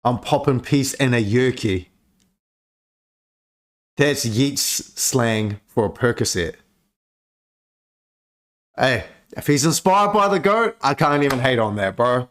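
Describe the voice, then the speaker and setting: A young man talks through a music reaction in loose, slangy chatter, dropping curses and calling the viewer bro. His voice sits at an ordinary middle pitch and jumps up now and then into excited exclamations. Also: takes it slowly, long pauses. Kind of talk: casual reaction commentary.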